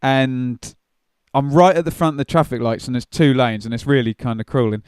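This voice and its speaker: A man co-hosting a casual football podcast, telling stories in a chatty, animated way. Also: mid-range voice, brisk, clean tone, dry recording, studio quality. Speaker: podcast co-host.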